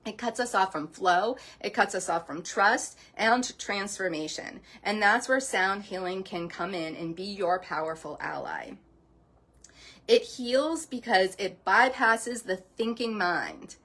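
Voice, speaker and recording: A woman's voice: mid-range voice, animated, a little slow, fairly bright tone. A middle-aged woman hosting a sound healing talk, earnest and encouraging, speaking directly to her viewers. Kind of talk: casual motivational talk.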